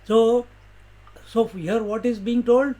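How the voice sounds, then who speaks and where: A man giving a slow, unhurried talk on scripture, asking rhetorical questions and chanting syllables. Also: very high-pitched, steady tone, dark tone. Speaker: spiritual teacher. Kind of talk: scripture discourse.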